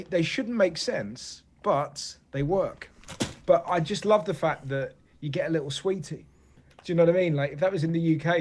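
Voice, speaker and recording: An English comedian chatting as a guest in an interview, telling animated anecdotes and often asking "you know what I mean?". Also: male voice, fairly high pitch. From England. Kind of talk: casual interview chat.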